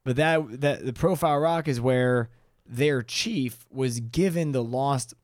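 A man's voice: medium pitch, slow pace, dry recording, studio quality. A man co-hosting a podcast, telling a local legend in a rambling, teasing way. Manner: rambling, teasing, many fillers and restarts. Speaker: podcast co-host. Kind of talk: casual podcast storytelling.

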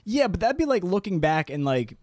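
A man's voice: sits high, big pitch swings, fairly quick, darkish tone, no echo, studio quality. A man in his thirties co-hosting a podcast in casual chat, rambling and swearing, with many restarts. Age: 30s. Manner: loose, profane, rambling with restarts. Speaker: podcast co-host.

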